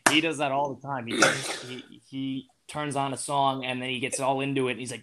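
A man's voice: medium pitch, little pitch movement, fairly quick, few pauses, background noise. An eighteen-year-old man chatting casually as a podcast guest, rambling with lots of fillers and restarts. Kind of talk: casual chat.

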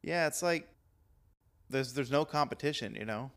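A man's voice: medium pitch, normal speed, a bit bright. A man co-hosting a casual podcast, rambling and laughing often as he chats. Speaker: podcast co-host. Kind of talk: casual chat about wrestling.

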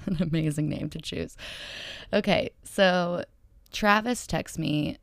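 Young woman, solo storytime vlog, dry close sound, deep voice, chatty and rambling. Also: slow, creaky, dry recording. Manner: chatty and rambling, filler-heavy, acts out dialogue. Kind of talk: casual dating storytime.

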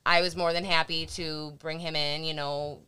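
A woman's voice: deep voice, flat delivery, moderate pace, over a noisy crowd. A woman co-hosting a podcast in casual chat, adding brief, dry remarks. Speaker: podcast co-host, show organizer.

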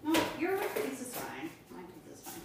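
Animated young woman in an echoey room. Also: sits high, normal speed, background noise. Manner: animated, swears freely, acts out quoted talk. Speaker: podcast co-host. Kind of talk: casual chat. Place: home room.

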